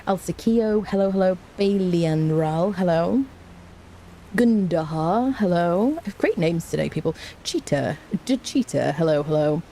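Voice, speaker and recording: A woman's voice: on the low side, lively intonation, measured pace, dark tone, slight background noise. A woman with a cold, chatting playfully with her live-stream viewers and greeting them by name from home. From Britain. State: has a cold. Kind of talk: casual live-stream chat. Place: indoors at home.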